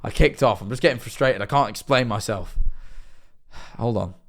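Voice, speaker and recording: A man's voice: fairly low pitch, moderate pace, creaky. A man livestreaming and reacting to videos, rambling with lots of fillers, getting worked up and then sheepish. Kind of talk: casual live-stream commentary.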